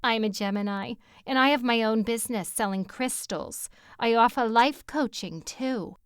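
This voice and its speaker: A woman's voice: fairly high pitch, moderate pace, dry recording, clean studio sound, lightly acted. A woman doing a gushing Bronx flirt. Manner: gushing, breathy and over-eager. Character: brash flirty woman on a date, self-absorbed, theatrical.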